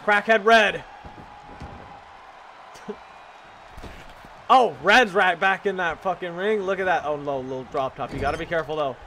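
A man doing casual, profane play-by-play commentary of a wrestling video game, excitable and jokey, often shouting and laughing. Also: on the high side, moderate pace, pauses often. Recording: loud crowd and game noise behind. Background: video game arena crowd.

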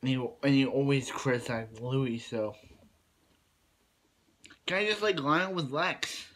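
A man's voice: medium pitch, a little slow, a bit bright. A man casually recapping a TV episode, rambling with many restarts and "he's like" retellings. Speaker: TV episode reviewer.

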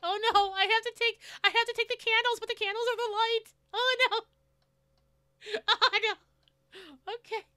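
A female streamer with a very high voice speaks at normal speed in a dry recording with no room sound. She voices the game's dialogue and reacts playfully, squealing or dropping to a whisper when she gets scared.

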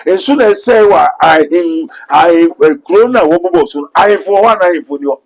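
Fervent Ghanaian preacher man, high voice. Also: expressive, brisk, low-quality recording. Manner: fervent, switches to loud exhortation. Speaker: pastor. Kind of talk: preaching interview answers.

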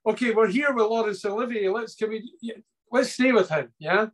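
A man's voice: high voice, brisk. A man interviewing a director over a video call, eager and free-associating, laughing often between questions. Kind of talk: conversational interview. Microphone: online video call.

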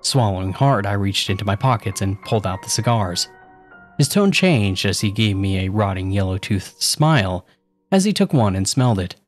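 A man's voice: fairly low pitch, lively intonation, normal speed, soft background music. A man narrating a first-person horror story with a casual, sarcastic tone.

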